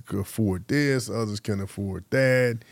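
A man's voice: on the low side, unhurried, vocal fry, no room sound. A man, telling stories as an interview guest and acting out the voices of people in them. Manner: animated storyteller who acts out quotes. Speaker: guest, former pro football player. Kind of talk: casual interview storytelling.

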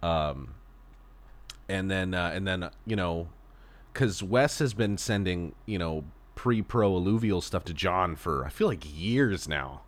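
Host, male, very low voice, relaxed storyteller who swears casually. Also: unhurried. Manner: loose, laughing storyteller with frequent swearing. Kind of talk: casual chat.

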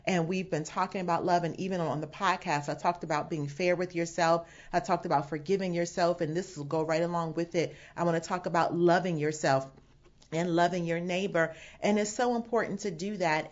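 Lively woman pastor preaching, low voice. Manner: warm preacherly teaching with bursts of laughter and emphatic quotes. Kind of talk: sermon. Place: home setting away from the sanctuary. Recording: dull lo-fi sound.

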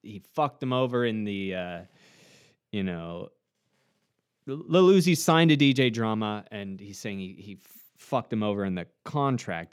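A man's voice: lowish voice, no echo, clean studio sound. A man giving casual, joking reaction commentary on a track, laughing often and mocking lines in a raised voice. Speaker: host reacting to a music track.

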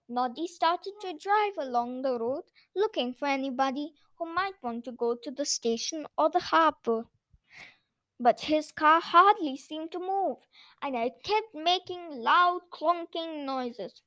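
A woman hosting a children's bedtime story show, reading aloud in a gentle, expressive storybook manner. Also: high voice, a little slow, dry recording. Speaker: storyteller host.

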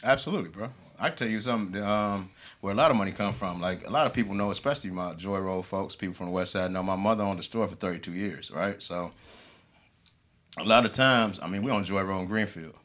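A man, talking in casual chat with animated street slang and profanity. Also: low-pitched, fast.

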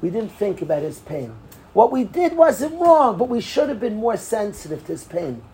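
Gravelly, animated man teaching a class. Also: sits high, moderate pace. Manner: animated storyteller who acts out quotes and laughs often; mixes Hebrew and Yiddish terms into English. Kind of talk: lively Torah class lecture.

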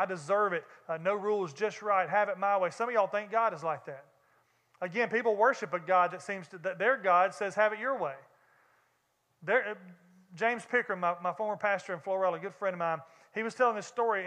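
A man's voice: sits high, fairly bright tone. A man with a Southern US accent preaching a sermon in a conversational way, speaking straight to his congregation. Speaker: pastor.

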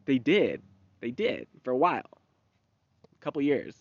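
A young man in his twenties hosting a podcast, talking in a rambling, profane, animated monologue. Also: mid-range voice, measured pace, dry recording. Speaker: podcast host. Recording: dull, dry lo-fi recording.

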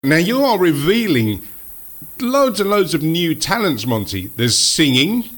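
A man hosting an interview show, animated and quick to laugh. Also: fairly high pitch. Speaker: host.

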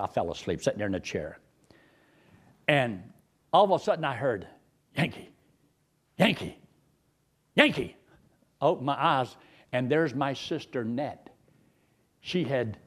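A male pastor, preaching a sermon in a folksy, joking storyteller's way. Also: mid-range voice.

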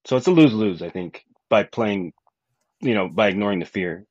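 Husky low-voiced man, blunt and low-key. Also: animated, fairly quick, darkish tone, no echo, dull audio. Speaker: coach and podcast guest. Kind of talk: candid conversational chat.

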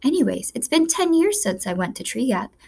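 A woman's voice: fairly high pitch, big pitch swings, brisk, vocal fry, breathy edge, pitched above the performer's own voice, heavily acted. A woman reading the part of a stout, sensible middle-aged farm mother, speaking with a lifted, eager voice. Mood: cheerful. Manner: eager, brighter and louder than the narration.

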